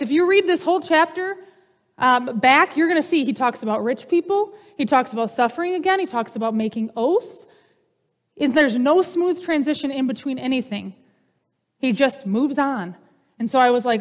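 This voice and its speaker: This sermon comes from a woman pastor whose voice sits somewhat high; she talks at a normal pace, relaxed and chatty, mixing humor into the lesson. The recording has a long reverb like a large hall.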